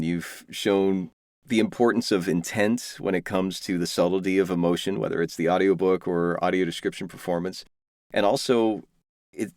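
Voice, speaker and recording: A man's voice: low voice, a little mellow, dry recording, clean studio sound. A man hosting an interview, talking thoughtfully and reflectively about voice work. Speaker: podcast host and voice actor. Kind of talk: conversational interview.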